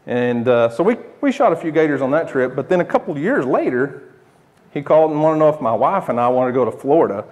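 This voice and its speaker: A man's voice: fairly high pitch, lively intonation, fast, darkish tone. A man in his thirties with an Oklahoma accent, telling a casual, rambling story to the camera with restarts and chuckles. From United States. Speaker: homesteading channel host.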